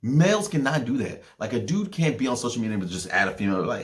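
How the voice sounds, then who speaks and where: A young man hosting a podcast, ranting in a heated, profane way, with loud outbursts and low mutters. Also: sing-song, quick pace, few pauses. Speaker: podcast host.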